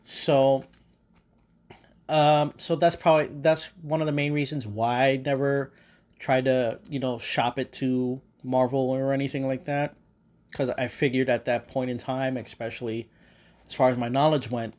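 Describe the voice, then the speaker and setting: A man's voice: mid-range voice, flat delivery, normal speed, a little mellow. A man hosting a podcast, talking in a casual rambling monologue with lots of fillers, restarts and swearing. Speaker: podcast host.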